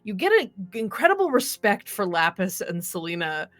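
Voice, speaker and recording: A woman's voice: mid-range voice, sing-song, moderate pace, a bit bright, soft background music. A woman narrating a tabletop game as game master, rambling with many fillers and restarts.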